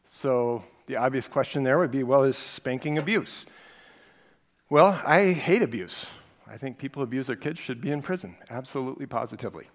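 Middle-aged male preacher, conversational sermon delivery, animated storyteller. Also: mid-range voice, fairly quick.

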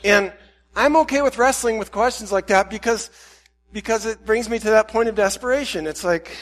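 Male pastor, slightly high voice, casual sermon delivery, acts out quotes and prayers. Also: normal speed. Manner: conversational, acts out prayers and quotes with rising intensity.

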